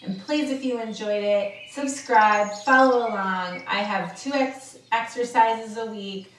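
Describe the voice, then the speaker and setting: A woman instructor guiding a seated exercise class, with slow, step-by-step encouraging cues. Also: fairly high pitch. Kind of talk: guided seated workout instruction. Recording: roomy sound from a distance, faint noise.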